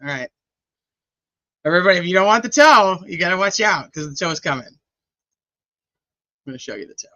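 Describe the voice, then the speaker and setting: A woman's voice: on the low side, expressive, fairly quick, pauses often, pushed and bright, muffled recording. A woman hosting a casual true crime livestream, joking, teasing and swearing as she reads viewer comments, laughing often.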